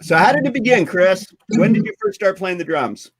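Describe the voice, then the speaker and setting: A man hosting a casual interview, enthusiastic and quick to agree. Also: high-pitched, very animated. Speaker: podcast host.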